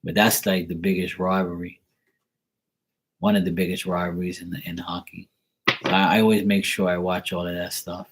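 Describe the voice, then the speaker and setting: A man's voice: low-pitched, flat delivery, normal speed, slightly rough. A man from Bermuda chatting casually on a live stream, rambling and joking as he tells stories. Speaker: live tarot reader chatting with viewers.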